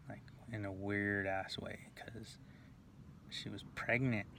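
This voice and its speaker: A man rambles through a personal story in a low, level voice that barely rises or falls. He stops and restarts often, with lots of fillers, and sometimes sinks to a hush. A faint hiss sits under the recording. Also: flat delivery, gravelly. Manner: halting, full of fillers and restarts, drops to near whispers. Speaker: video blogger.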